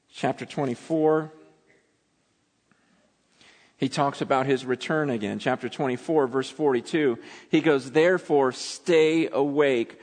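A man preaching a sermon, acting out quotes with dramatic swings between loud and hushed delivery. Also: mid-range voice. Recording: long hall reverb.

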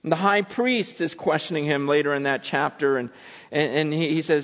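A man preaches a sermon with a somewhat high voice, swinging between hushed retelling and animated, dramatic bursts. His words ring out with the long reverb of a large church sanctuary. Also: moderate pace. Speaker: pastor.

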